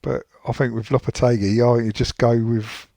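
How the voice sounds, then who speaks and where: A man's voice: medium pitch, level tone, a little fast, vocal fry, warm tone, no echo. A man co-hosting a podcast from home, chatting casually with a dry, teasing wit. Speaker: podcast co-host. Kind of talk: casual chat.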